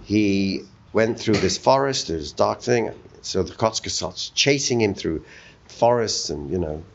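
A man teaching a Torah text in a study discussion, telling stories with animated acted-out voices. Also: fairly low pitch, measured pace, vocal fry, slight background noise. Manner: animated storytelling, acts out quoted voices. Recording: dull lo-fi recording.

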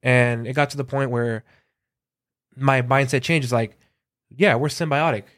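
A man from Southern California, a concert photographer, telling lively anecdotes in a casual interview and acting out quoted dialogue, with a lot of filler words. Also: medium pitch, unhurried, dry recording, clean studio sound.

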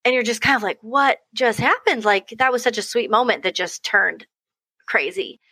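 A woman's voice: medium pitch, moderate pace, slightly rough, no echo, poor audio. A young adult woman, a podcast guest and mother, telling stories in casual chat, often acting out voices and laughing. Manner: animated storytelling, acting out quoted voices, frequent laughs.

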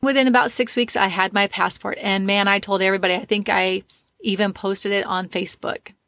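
A woman's voice: medium pitch, steady tone, fairly quick, fairly bright tone, no room sound. Dry, chatty woman in her fifties. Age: 50s. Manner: chatty, storytelling, emphatic and encouraging. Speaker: podcast host, life coach. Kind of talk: motivational podcast monologue.

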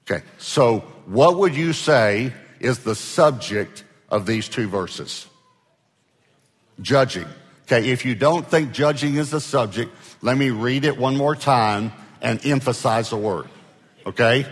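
A male pastor delivering a sermon in a large church auditorium, with a voice of ordinary middle pitch. He speaks conversationally and keeps asking the congregation to answer him out loud. His words ring with a long hall reverb. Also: lively intonation, a little slow, slightly rough.

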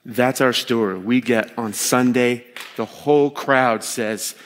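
Animated conversational male preacher. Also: takes it slowly, long reverb tail. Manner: conversational and animated, acting out quotes with sharp pitch jumps; expressive groans of disgust. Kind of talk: expository sermon to a live congregation.

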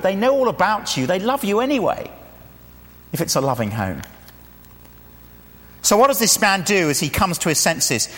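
English male preacher, high lively delivery with many questions, echoing church hall. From England. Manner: animated storytelling with rhetorical questions and acted-out quotes. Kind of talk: sermon.

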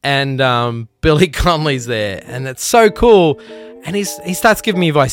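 Brief: earnest, foul-mouthed podcast host, a touch high-pitched, soft music bed. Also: male voice, lively intonation, moderate pace. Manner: profane, earnest, rambling. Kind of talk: casual pep talk and anecdote.

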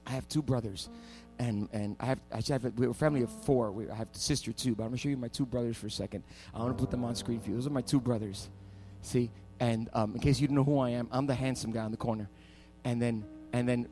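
A man preaching a sermon as pastor, telling stories with animated energy and building to loud, fervent preaching. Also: mid-range voice.

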